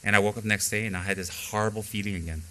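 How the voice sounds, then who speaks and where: A man's voice: fairly low pitch, fairly even intonation, racing, pushed and bright. A middle-aged man giving a spoken dharma teaching as a Buddhist teacher, emphatic and repeating key phrases for stress, mixing in candid stories from his own practice. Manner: candid personal storytelling.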